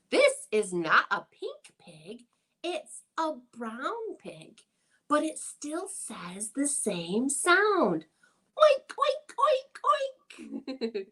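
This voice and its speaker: A young woman leading a toddler storytime, reading picture books and rhymes in a playful sing-song voice with soft hushed asides. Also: on the high side. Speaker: children's librarian.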